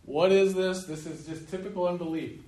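A male pastor giving a sermon emphatically, slowing down to stress key points and chuckling at his own remarks. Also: high-pitched, fairly even intonation, a little mellow. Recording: roomy room echo, faint noise.

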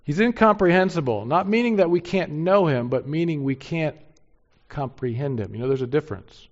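Gravelly-voiced male preacher, lo-fi. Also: fairly high pitch, lively intonation, fairly quick. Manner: earnest, rising to emphatic peaks then dropping soft. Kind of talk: sermon. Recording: dull lo-fi sound.

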